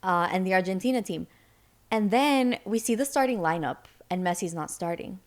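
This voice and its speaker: Chatty young woman telling stories animatedly. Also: normal speed. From Seattle, United States. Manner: animated storyteller, acts out quoted voices with sudden high pitch. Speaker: podcast guest. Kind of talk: casual storytelling chat.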